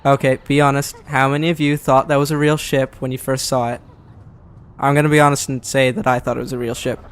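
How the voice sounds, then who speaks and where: A man commentates over game footage, sounding out of breath, in a mid-range voice that's flat, brisk, and smooth. His casual take is chatty and analytical, and he corrects himself as he talks.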